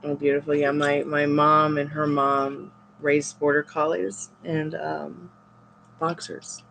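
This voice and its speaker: A woman reading tarot on a live stream, chatting casually with viewers and rambling in halting, restarting sentences. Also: low voice, flat delivery, creaky, a bit bright, a little hiss or hum.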